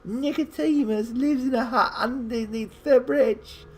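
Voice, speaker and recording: A man putting on a shrill sly old beggar. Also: darkish tone, slightly rough, soft background music, exaggerated voice. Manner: high, drawn-out and cackling. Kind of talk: reading a gamebook aloud.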